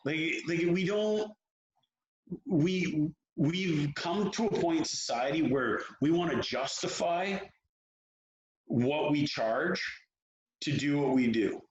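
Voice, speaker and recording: A fairly high-voiced man talks with frank, animated energy, building his points through lively anecdotes. His voice carries the echo of a roomy space, and the sound is dull and lo-fi. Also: takes it slowly. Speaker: hockey development coach. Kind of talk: candid interview talk.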